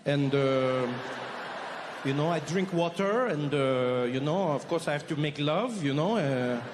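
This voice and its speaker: A man voicing a carefree, unhurried man, drawling and full of hesitant uhs. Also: fairly high pitch, lively intonation, background noise, voice pushed down. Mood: lazy, dreamy.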